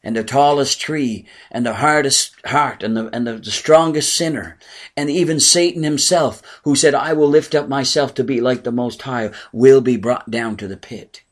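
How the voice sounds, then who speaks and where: A man delivers a sermon with a husky, breathy edge to his voice. He speaks with earnest conviction, lifting on key words and sinking to a near whisper on others. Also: mid-range voice, fairly even intonation, normal speed. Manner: earnest preaching, swelling and dropping to near whispers. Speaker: pastor.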